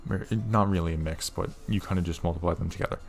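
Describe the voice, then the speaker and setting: A man's voice: low-pitched, fairly even intonation, quick pace, vocal fry, soft background music. A young man hosting a casual coding tutorial, rambling and swearing with exasperated asides at his desk mic. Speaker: programming tutorial host.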